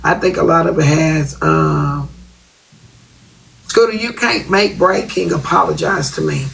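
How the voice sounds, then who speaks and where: A woman's voice: deep voice, very animated, unhurried, creaky, fairly bright tone, poor audio. A woman talking bluntly on a live stream, repeating herself for emphasis. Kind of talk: casual live-stream chat.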